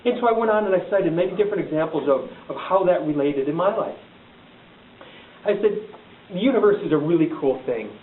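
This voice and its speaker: A man's voice: a little high, animated, fairly quick. A middle-aged man giving a heartfelt motivational talk, telling a personal story in an earnest, emphatic way. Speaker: motivational speaker. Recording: echoey, distant, tinny, hissy recording.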